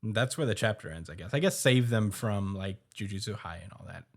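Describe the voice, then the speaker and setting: Male podcast co-host, lowish voice, loose filler-heavy recap style. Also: lively intonation, creaky. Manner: loose, filler-heavy retelling with quick quoted asides and laughs. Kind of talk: casual podcast chat.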